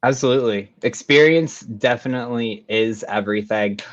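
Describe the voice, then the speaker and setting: A man's voice: medium pitch, moderate pace, no echo, highs cut off. A man hosting a live online show, greeting viewers with upbeat, effusive chatter over a video call. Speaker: show host.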